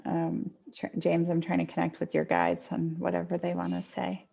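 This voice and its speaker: A woman's voice: on the low side, completely flat delivery, moderate pace, creaky, dark tone, breathy edge, highs cut off. A woman medium giving live readings from home over a video call, chatty and hesitant with many ums. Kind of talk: live online intuitive readings. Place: home near a kitchen.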